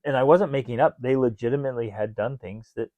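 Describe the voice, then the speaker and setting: A man hosting a podcast in an animated way, his dark voice recorded dry and close. He jumps into quoted voices as he acts out what he tells himself. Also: mid-range voice, fast, no room sound. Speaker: podcast host. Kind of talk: casual podcast talk.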